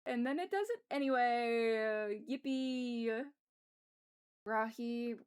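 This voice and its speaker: A woman's voice: a little high, slow pace, a little mellow, clear, resonant tone. Young woman muttering and swearing while drawing. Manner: frustrated muttering to herself, swears often, self-mocking. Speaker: streamer. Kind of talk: casual live-stream chatter while drawing.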